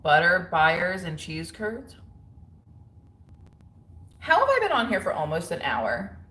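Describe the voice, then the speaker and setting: A chatty woman in her thirties talks casually to her livestream viewers from home. Her voice sits low, and the room adds a noticeable echo. She is frank, full of fillers, and quick to laugh. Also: huge pitch swings, fairly bright tone. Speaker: livestream host. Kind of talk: casual livestream chat reading viewer comments. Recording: roomy echo.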